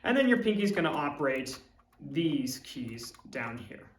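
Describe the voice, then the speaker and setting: A man's voice: fairly high pitch, sing-song, a little slow, distant mic, slight background noise. A man, a music teacher, explaining step by step in an instructional video lesson. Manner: clear step-by-step demonstrating. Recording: roomy echo, from off-mic.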